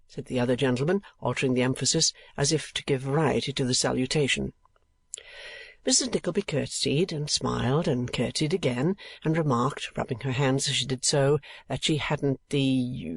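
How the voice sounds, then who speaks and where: A man reading a classic novel aloud as an audiobook narrator, in a measured, expressive way. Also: mid-range voice, vocal fry, husky, no room sound.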